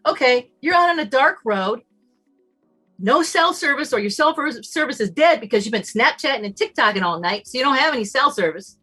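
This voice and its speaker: A woman giving a motivational talk as a summit guest, emphatic and animated, acting out bits of dialogue. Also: fairly high pitch, breathy edge. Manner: emphatic and animated, acts out dialogue in shifting voices.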